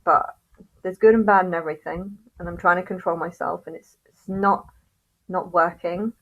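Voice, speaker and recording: A woman with a fairly low voice rants straight to the camera in a vlog. She sounds angry and halting, swears freely and keeps restarting her sentences. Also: fairly even intonation, fairly bright tone, muffled recording. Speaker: vlogger. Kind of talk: ranting monologue to camera.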